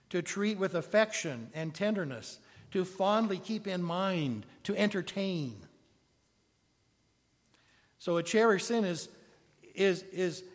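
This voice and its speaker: A man preaching a sermon in a conversational way, asking his congregation questions as he goes. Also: sits high. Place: church sanctuary. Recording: long reverb of a large hall.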